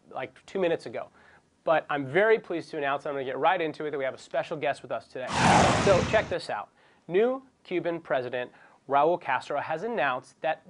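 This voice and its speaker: A young man hosting a comedic web show, joking and rambling in a self-deprecating way. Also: on the high side. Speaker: host.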